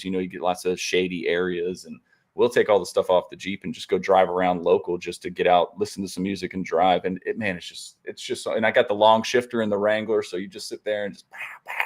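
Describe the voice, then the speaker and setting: Lower-pitched man in casual chat. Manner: chatty, laughs easily, storytelling. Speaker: co-host. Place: home studio on a live stream.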